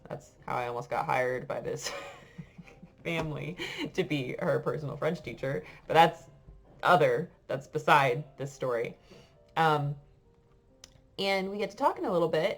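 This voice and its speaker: American lady french teacher chatting to her class, deep voice w some vocal fry, lots of ums. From United States. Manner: chatty, halting with many fillers and laughs. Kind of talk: casual storytelling to a class.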